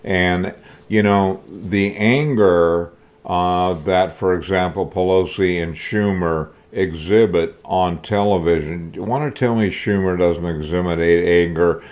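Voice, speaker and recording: Older male host, very low voice, opinionated and folksy, lo-fi sound. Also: fairly even intonation, measured pace. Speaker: talk show host. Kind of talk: political talk commentary. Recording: dull lo-fi recording.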